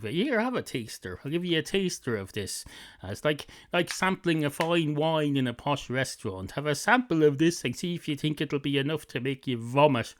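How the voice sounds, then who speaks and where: A man's voice: fairly high pitch, fairly bright tone. A man voicing an obliging barman, in a rambling, sweary, self-correcting improvised comic monologue. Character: obliging male barman, chatty and unflappable.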